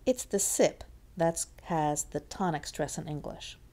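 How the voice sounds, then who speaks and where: Woman, Spanish teacher, patient, slow pace, mellow tone. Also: sits low, gravelly. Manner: patient, repeats words slowly to model stress. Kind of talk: classroom lesson explanation.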